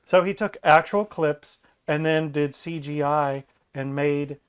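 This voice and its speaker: Brief: male podcast guest, higher-pitched, animated casual chat, mocking impressions. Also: slow pace, smooth. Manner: animated, acts out quoted lines in mocking voices.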